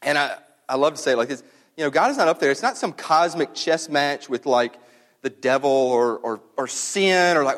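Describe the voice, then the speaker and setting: A man preaching a sermon in a relaxed, conversational way, with casual slang and lively emphasis. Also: a little high, normal speed. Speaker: pastor. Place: church sanctuary. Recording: long reverb of a church hall.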